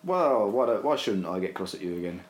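A man's voice: fairly low pitch, sing-song, a little fast. A man co-hosting a casual podcast with dry, grumbling humor. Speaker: podcast co-host. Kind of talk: casual banter. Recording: echoey room, faint hiss.

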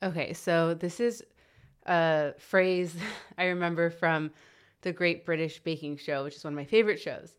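A young woman chats in a nervous, giggly way. Her voice is fairly low and smooth, with a resonant tone. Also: fairly even intonation, moderate pace. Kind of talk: casual conversation.

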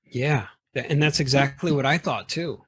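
A man's voice: mid-range voice, moderate pace, fairly bright tone, breathy edge. Laid-back man with dry remarks. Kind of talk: casual movie chat.

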